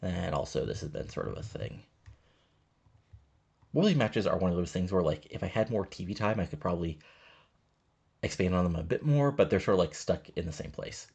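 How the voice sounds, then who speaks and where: A deep-voiced man talks casually through his wrestling management game, reading the wrestlers' scripted promos aloud. His voice has a gravelly fry and a husky edge, and he murmurs the promos in a flat, low tone. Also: brisk, long pauses. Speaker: game commentator.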